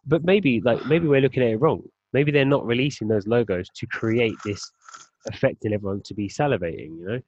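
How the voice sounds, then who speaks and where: A man co-hosting a casual podcast chat, laying out his argument in a measured way. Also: mid-range voice, slight background noise. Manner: measured, arguing a point calmly. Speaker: podcast co-host. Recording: dull lo-fi sound, dry.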